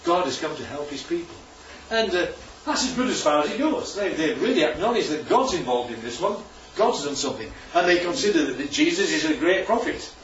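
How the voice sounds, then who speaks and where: A man with a voice on the high side preaches informally to a congregation in a church hall, using slides and often asking "right?" and "isn't that lovely?". He talks a little fast with lively intonation and hardly any pauses. The recording is roomy, distant and dull, with a little hiss or hum.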